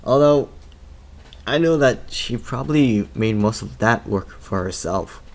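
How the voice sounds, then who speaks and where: A man's voice: mid-range voice, animated, a little slow, vocal fry. Man swearing and laughing over a game. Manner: profane, laughing asides. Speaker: let's play host. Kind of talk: reading a visual novel aloud with commentary.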